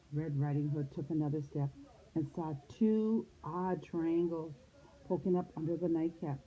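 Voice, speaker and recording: A woman's voice: sits low, a little slow. A woman teacher reading a storybook aloud to young children, telling it expressively. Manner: expressive storytelling, shifts into character voices. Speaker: preschool teacher. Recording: phone-like lo-fi sound.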